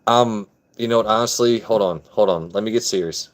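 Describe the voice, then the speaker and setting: A man's voice: fairly low pitch, brisk, very noisy. Laid-back joking male livestream host. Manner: laid-back, joking, chats with viewers by name. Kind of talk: casual chat with live chat viewers.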